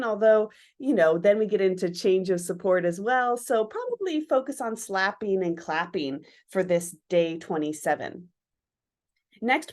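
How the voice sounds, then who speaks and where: A middle-aged woman teaching dance online, her pitch rising and falling in a lively way. She explains with enthusiasm and acts out movement sounds to show how a motion lands. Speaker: dance educator. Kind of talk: online lesson with screen share.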